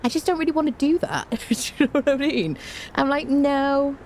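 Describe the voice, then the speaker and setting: Tired, chatty woman streamer, mellow voice. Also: high voice, animated, brisk, a little hiss or hum. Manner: chatty, bubbly, many repeated hellos. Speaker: game streamer greeting chat. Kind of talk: casual live-stream chat.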